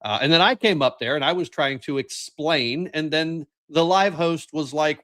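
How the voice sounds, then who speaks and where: A man's voice: a little high, a bit bright. Heated man co-hosting a podcast. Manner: quick, heated, interrupts himself. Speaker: podcast co-host. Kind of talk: casual political podcast chat.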